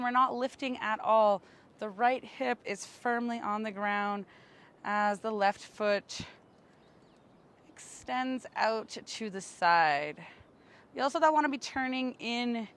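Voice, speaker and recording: A woman with a slightly high voice leads a yoga and breathwork class in slow, gentle, soothing cues. She is recorded outdoors in the sun on a camera mic. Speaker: yoga teacher. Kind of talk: guided yoga and breathwork instruction.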